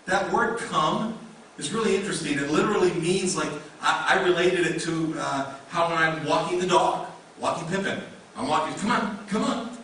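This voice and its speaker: A man's voice: a little high, moderate pace, a bit bright, a little hiss or hum. A male pastor preaching a sermon in a conversational way, with many rhetorical questions. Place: church sanctuary. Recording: echoey room mic from a distance.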